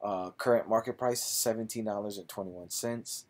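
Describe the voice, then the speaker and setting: Male investing host, lower voice, casual stock-analysis read with clipped figures and relaxed asides. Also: normal speed. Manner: reads figures aloud in clipped phrases, then chats loosely.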